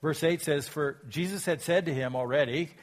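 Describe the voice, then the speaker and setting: A pastor preaching a sermon, reading scripture aloud and asking reflective, rhetorical questions. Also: male voice, a little high, normal speed. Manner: reflective, asks rhetorical questions, rises in volume when quoting scripture.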